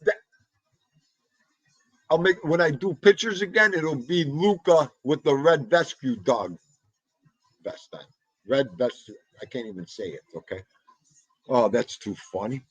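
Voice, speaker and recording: A New York man talks slowly and loosely on his livestream, his husky voice rising and falling a lot as he jokes with viewers. The sound is dry and close, with no room echo. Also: mid-range voice, animated, dull audio. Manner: chatty, shouts out viewers by name, jokey. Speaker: live podcast host reading chat. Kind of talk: casual livestream chat.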